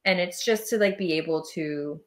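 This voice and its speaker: A woman talking as a guest on a podcast, animated and quick to laugh, sometimes acting out voices as she explains. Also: on the low side. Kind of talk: casual interview chat.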